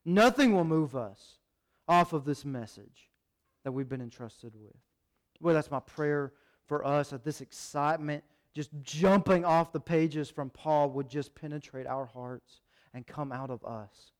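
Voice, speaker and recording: A man preaching a sermon as pastor, urgent and animated, acting out little quotes. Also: fairly high pitch.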